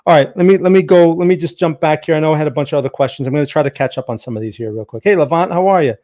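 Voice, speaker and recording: A man's voice: fairly high pitch, rapid-fire, mellow. A man hosting a live trading stream, answering viewer questions casually and thinking aloud with frequent repeated words. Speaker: trading livestream host. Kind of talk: live Q&A on market charts.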